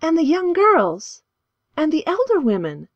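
A woman's voice: sits high, wildly swooping pitch, measured pace, no room sound, lo-fi sound, voice pushed up, heavily acted. A woman voicing a meek, uncertain young woman in an audiobook. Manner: meek, soft. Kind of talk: audiobook character voice.

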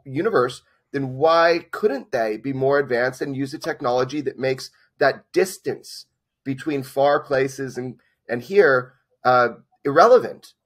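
A man in his forties, a documentary filmmaker and interview guest, telling a personal story in a lively way, acting out the dialogue and filling gaps with "like". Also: mid-range voice, slightly rough. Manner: lively, acts out quoted dialogue, many "like" fillers.

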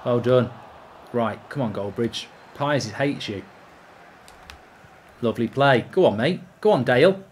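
Male streamer, 30s, sweary live game commentary, animated pitch, faint hiss. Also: unhurried, pauses often. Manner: swearing, excitable outbursts. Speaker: gaming streamer.

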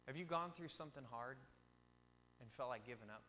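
A man's voice: medium pitch, brisk, bright, forceful tone. A man giving a casual youth sermon in a church, speaking informally with joking asides. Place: church sanctuary. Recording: long church reverb with faint hum.

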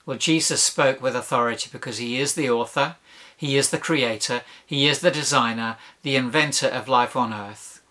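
Bright, emphatic male preacher. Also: mid-range voice. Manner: emphatic, rhetorical questions and lists. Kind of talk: sermon.

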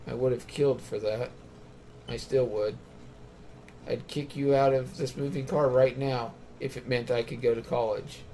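A man's voice: mid-range voice, fairly even intonation, normal speed, dark tone, a little hiss or hum. A man playing through a story game, reading the characters' dialogue aloud and then picking which line to go with. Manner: reads out dialogue choices, then picks one. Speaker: let's play gamer.

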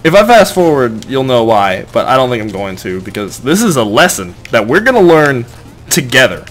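A young man giving casual gameplay commentary, rambling and joking, with sudden excited outbursts when things go wrong. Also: medium pitch, moderate pace, faint music behind. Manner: excitable, rambling, shouts in bursts of frustration. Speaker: let's play gamer.

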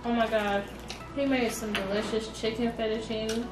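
A woman's voice: fairly high pitch, flat delivery, moderate pace. A woman chatting casually while eating on camera for a mukbang video. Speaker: mukbang vlogger. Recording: roomy audio from a distant mic with background music. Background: music.

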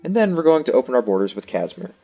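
A man's voice: mid-range voice, big pitch swings, racing, vocal fry, mellow, muffled recording, soft background music. A man giving casual gameplay commentary, thinking aloud and making self-mocking asides. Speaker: let's play host.

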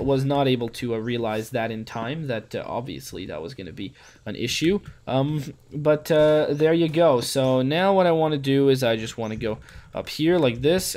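A man's voice: medium pitch, a little mellow. A man hosting a let's play, narrating every move in a chatty way with goofy rhymes and wordplay. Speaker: gaming channel host.

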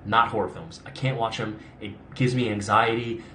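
A man's voice: on the low side, fairly even intonation, normal speed, pushed and bright, a little hiss or hum. A young adult man answering viewer questions in a casual live stream, rambling with lots of "like" and restarts. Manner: chatty, rambling, frequent "like" and restarts. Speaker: actor hosting a live Q&A.

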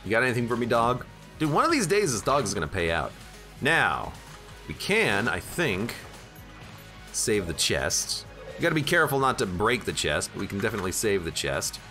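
A man's voice: on the low side, big pitch swings, moderate pace, pushed and bright, faint music behind. A man giving casual, jokey gameplay commentary while streaming and chatting with his viewers. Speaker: streamer playing a video game.

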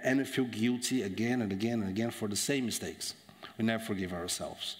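A man preaching a sermon in a church, dramatic, swinging from loud emphasis to hushed tones. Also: medium pitch, lively intonation, moderate pace, in a large hall.

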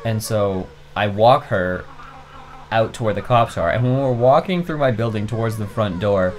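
A young man with a fairly low voice speaks at a moderate pace, co-hosting a casual let's play. Over the gameplay he tells a long, animated anecdote, swearing freely throughout.

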